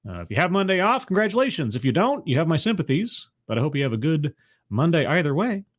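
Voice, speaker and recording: A man hosting a casual livestream, chatty and sardonic, greeting viewers by name, his voice not quite warmed up yet. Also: a little high, big pitch swings, fast talker. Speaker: livestream host.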